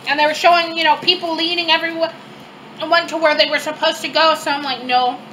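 A woman chatting hesitantly in a casual mukbang vlog, with many pauses and fillers. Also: high-pitched, flat delivery, sharp tone, slight background noise, rough recording. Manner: hesitant, filler-heavy talk.

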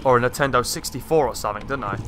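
A man gives casual let's-play commentary with a bright, forward tone. He is excitable and swears freely. He often talks straight to the creatures in the game. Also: medium pitch, rapid-fire, slight background noise. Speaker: gaming channel host.

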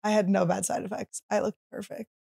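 Animated woman telling a comic story. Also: medium pitch, brisk, vocal fry, slightly rough. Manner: animated, acts out others' quotes, shrieks while teasing. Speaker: podcast host. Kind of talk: casual comedic storytelling.

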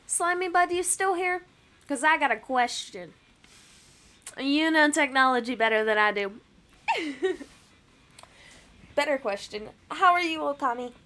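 This young woman's voice is high-pitched, expressive, pushed and bright, a little slow with long pauses, and there's a little hiss or hum. Chatting casually from home with her live-stream audience on a webcam and computer mic, she's bubbly, laughs often and teases herself.

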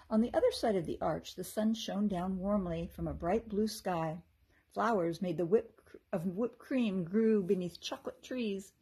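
A woman teacher reading a children's chapter book aloud with expressive, animated narration. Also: medium pitch, slightly rough. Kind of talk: storybook read-aloud.

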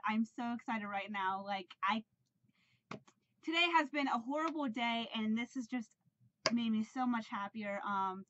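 A woman vlogger in a casual video, talking excitedly and rambling with many fillers and restarts. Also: fairly high pitch, unhurried, lo-fi sound, slight background noise. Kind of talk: casual vlog unboxing.

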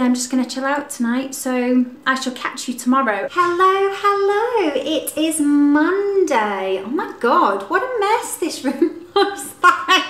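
A young woman chatting casually to camera in an upbeat vlog about her home and Christmas tree, with lots of ums. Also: sits high. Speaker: lifestyle vlogger. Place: home living room. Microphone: camera mic. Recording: roomy home room.

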